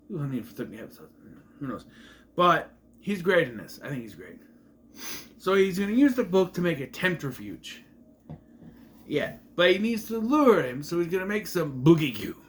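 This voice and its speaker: Lively man rambling through a movie recap. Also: a little high, slight background noise. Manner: rambling, sidetracked, trails off into asides. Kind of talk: casual film recap commentary.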